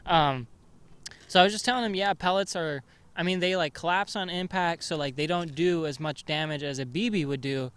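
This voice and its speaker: Young male podcast host, rambling storyteller, crude, slightly high pitch. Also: a little fast, a bit bright, smooth. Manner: rambling storyteller, swears a lot. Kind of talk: casual chat.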